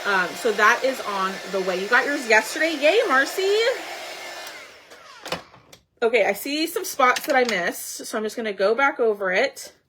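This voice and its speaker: A woman's voice: a little high, moderate pace, few pauses, background noise. A woman hosting a crafting live stream, chatting casually and greeting viewers by name.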